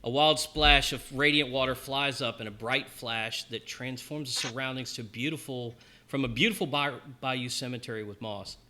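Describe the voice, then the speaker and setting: A man's voice: medium pitch, steady tone, normal speed, few pauses, pushed and bright. A man narrating as game master in a tabletop game, casual and rambling with many ums.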